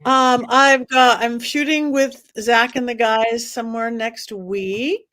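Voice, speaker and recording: A woman's voice: a little high, fairly even intonation, takes it slowly, bright, forceful tone, dry recording. A woman guest on a podcast, speaking casually and enthusiastically, rambling through ideas and plans. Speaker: psychic guest.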